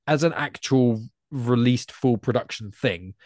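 A man's voice: medium pitch, unhurried, darkish tone, dry recording. English male guest, rambly and chatty, dry booth sound. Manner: chatty, rambling, self-correcting. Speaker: podcast guest. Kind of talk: casual podcast chat.

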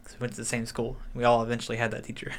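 A man's voice: mid-range voice, monotone, rapid-fire. Young guy rambling thru old school stories on a podcast, laughs a lot, swears some, middle voice. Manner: laughs often, loose storytelling with swearing. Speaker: podcast co-host. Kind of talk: casual chat.

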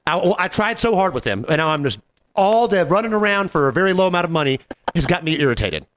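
A podcast co-host with a high voice tells a work story in casual chat, speaking quickly and swearing freely. He's animated and acts out the voices of the other people involved, and the recording has no room sound.

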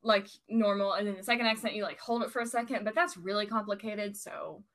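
A woman's voice: medium pitch, quick pace, a bit bright. A young woman co-hosting a casual podcast, rambling and self-deprecating as she explains a word. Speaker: podcast co-host.

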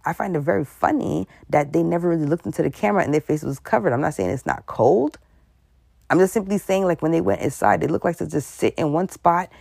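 A vlogger giving casual, rambling and suspicious commentary, with animated asides and laughter mid-sentence. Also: medium pitch, quick pace, creaky, slightly rough, no room sound.

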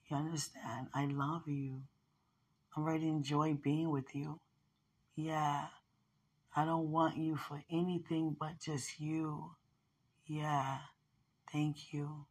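A woman with a slightly hoarse voice, speaking a tender, rambling personal message to someone she loves. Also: deep voice. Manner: tender, rambling, with frequent "you know" and soft laughs. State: a little hoarse. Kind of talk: intimate spoken message to a loved one.

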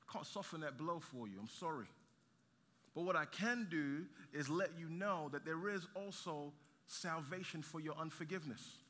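A man from Nigeria preaching a sermon, telling a story with animated, joking asides to the congregation. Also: a little high, moderate pace. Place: large church hall. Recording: reverberant hall.

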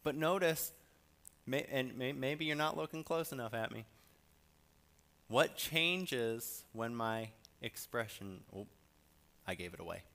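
A man preaching a sermon, reading scripture with emphasis and swinging from soft asides to loud lines. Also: medium pitch, creaky.

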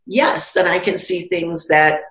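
A woman's voice: lowish voice, unhurried, echoey room, a little hiss or hum, rough recording. A woman who works as a psychic medium and teacher, telling stories in casual conversation and acting out the voices she quotes. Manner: animated, acts out quoted voices.

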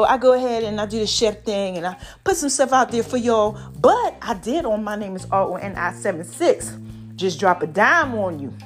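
Her voice slightly hoarse from allergies, a woman at medium pitch hosts a relaxed podcast. She stretches her words out with animation and addresses listeners as baby and y'all.

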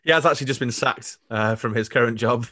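A man co-hosting a casual football podcast, his voice mid-pitched and sitting close and dry on the mic. He chats easily and breaks into laughter often. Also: quick pace, pushed and bright, no room sound. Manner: laughs often, chatty, trails off into fillers. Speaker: podcast co-host. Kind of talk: casual chat about football. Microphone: remote video call.

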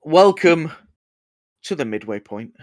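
A young man hosts a loose chat, teasing his friends and swearing for fun. His pitch swings around a lot and sits a little high, and the dry room adds no echo. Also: lively intonation, slow pace, darkish tone. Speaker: podcast host. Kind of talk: casual chat.

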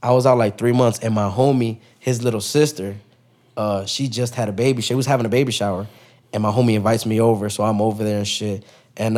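A man's voice: medium pitch, darkish tone. A young man, a podcast guest, telling a story in casual street slang, full of profanity and acted-out quotes.

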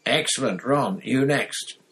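Lupin, a man doing a brisk, encouraging teacher. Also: medium pitch, fairly bright tone, breathy edge, pitched above the performer's own voice, heavily acted. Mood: urging. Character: encouraging male teacher running a class.

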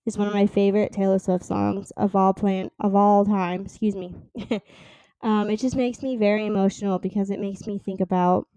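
A woman's voice: mid-range voice, flat delivery, normal speed, warm tone, smooth, dry recording. A woman in her twenties hosting her own podcast, chatting casually and rambling with lots of fillers. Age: 20s. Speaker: podcast host. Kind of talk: casual solo podcast chat.

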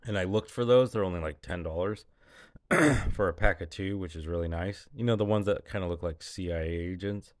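A man's voice: deep voice, brisk, dry recording, studio quality. A man talking casually about short films he is writing, rambling and laughing often. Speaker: filmmaker describing his short films. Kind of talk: casual vlog.

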